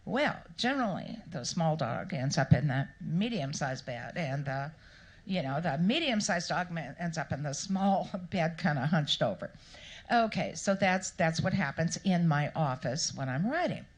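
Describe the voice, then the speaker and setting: A woman author answering questions at a live event, telling stories in a playful, animated way and acting out the people she quotes. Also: deep voice, moderate pace. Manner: animated, playful storyteller who acts out quotes. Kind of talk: storytelling interview answers. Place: live Q&A event before an audience.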